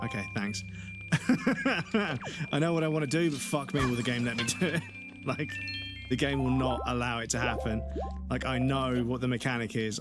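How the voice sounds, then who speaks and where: A man chatting casually while livestreaming a game, swearing and laughing at his own frustration. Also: medium pitch. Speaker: streamer. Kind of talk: casual livestream gaming chat. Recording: game music playing behind.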